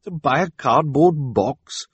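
A man's voice: on the high side, slow pace, slightly rough, no echo, voice pushed up, full character voice. A man voicing a stuffy, disapproving middle-aged banker who keeps coughing. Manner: stiff, disapproving, coughs often.

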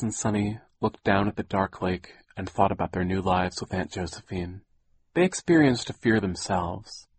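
A man narrating a children's audiobook in a wry, deadpan, measured way. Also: fairly low pitch, breathy edge. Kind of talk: scripted narration.

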